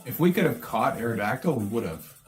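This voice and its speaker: Relaxed man commenting on a game. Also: mid-range voice, a little fast, soft background music. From Canada. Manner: relaxed, thinking aloud. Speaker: co-host, gamer. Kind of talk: casual let's-play commentary.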